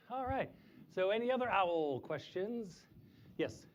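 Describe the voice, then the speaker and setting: Man, animal presenter, chatty, explains simply to kids, slightly high voice, muffled lo-fi sound. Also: lively intonation, measured pace, noisy background. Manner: imitates owl hoots in a high voice. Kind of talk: live animal show for kids.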